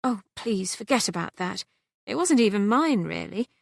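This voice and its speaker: A woman voicing a kind, breezy young English heiress who talks briskly and teasingly. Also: mid-range voice, lively intonation, vocal fry, dry recording, studio quality.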